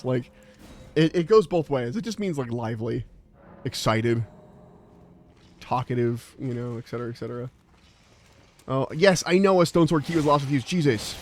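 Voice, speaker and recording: A man's voice: medium pitch, lively intonation, brisk, darkish tone, a little hiss or hum. Rambling American man streaming a game. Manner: rambling, chatty, many "like" fillers; laughs easily while playing. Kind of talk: live gameplay commentary and chat.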